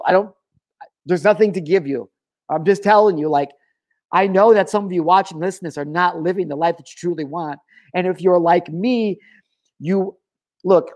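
A man's voice: sits high, darkish tone. A man hosting his own show, talking openly in an emotional confessional monologue, swearing freely. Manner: raw, emotional, heavy swearing. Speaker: podcast host.

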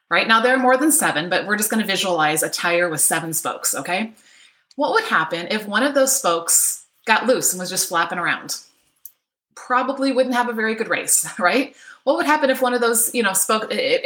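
A woman's voice: medium pitch, fairly bright tone, echoey room. A middle-aged woman coaching an online workshop, upbeat and chatty, often checking in with "right?". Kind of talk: live online workshop talk. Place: home office.

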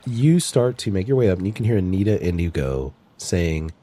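A man's voice: deep voice, very animated, moderate pace, few pauses, highs cut off, a little hiss or hum. A man narrating a tabletop game as game master, joking and laughing often.

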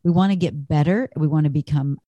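A woman's voice: low-pitched, a little fast, no room sound, lo-fi sound. A woman fitness instructor giving an upbeat, chatty talk on stretching and endurance, encouraging listeners and laughing at herself.

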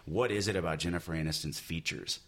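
A man's voice: deep voice, quick pace, a bit bright. A man, a comic book artist, chatting casually on a podcast, rambling with many restarts and fillers.

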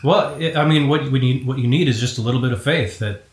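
A man with a mid-range voice hosts a casual sit-down conversation. He is affable and quick to agree, and tosses in short asides. His voice carries an echo from the room. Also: mid-range voice. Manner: affable, chatty, agreeable interjections. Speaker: interview host.

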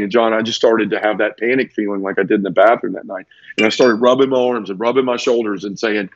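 A man speaks in a fairly low voice as an interview guest, earnest and close to tears, stumbling through restarts and repeated words. The sound is dull and lo-fi, with a dry, close feel and no room echo. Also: steady tone, fast. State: teary. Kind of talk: emotional personal storytelling in conversation.

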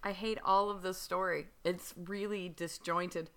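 A woman's voice: on the low side, steady tone, a little slow, crowd noise. A woman co-hosting a comedy podcast, reacting in an exasperated, sardonic way. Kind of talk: exasperated casual banter.

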